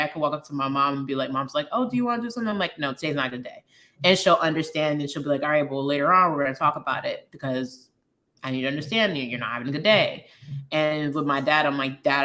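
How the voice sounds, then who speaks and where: A Liberian American woman in her thirties, a guest candidly telling her personal story, acting out quoted dialogue. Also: deep voice. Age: 30s. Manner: open, frank, animated retelling with quoted dialogue.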